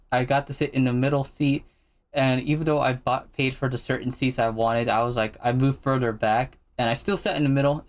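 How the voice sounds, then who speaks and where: A man hosting a casual chat, telling stories in a relaxed, rambling way. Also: medium pitch. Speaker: host.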